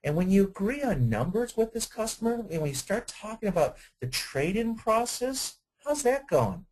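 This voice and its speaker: A man's voice: high-pitched, normal speed, rough recording. A man giving a webinar to car sales staff, talking conversationally and firing off rhetorical questions. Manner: energetic, conversational, asks many rhetorical questions. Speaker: dealership sales trainer. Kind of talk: webinar presentation.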